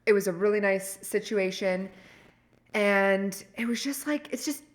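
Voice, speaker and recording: A woman co-hosting a podcast, chatting casually and telling animated, rambling stories full of restarts. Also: mid-range voice, measured pace. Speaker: podcast co-host. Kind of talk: casual chat.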